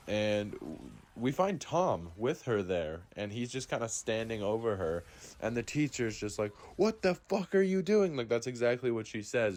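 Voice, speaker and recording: A young man telling a school story in a laid-back, casual way, full of likes and fillers. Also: sits low. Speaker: storytime narrator.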